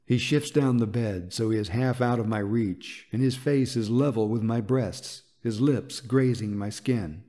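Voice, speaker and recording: A man narrating a romance audiobook in a soft, unhurried and intimate reading. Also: mid-range voice.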